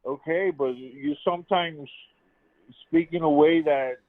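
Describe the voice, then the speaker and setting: A man's voice: fairly high pitch, a little slow, dry recording. A man in his fifties calling into a live debate show, insistently repeating his argument over and over. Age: 50s. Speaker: caller. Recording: tinny phone line.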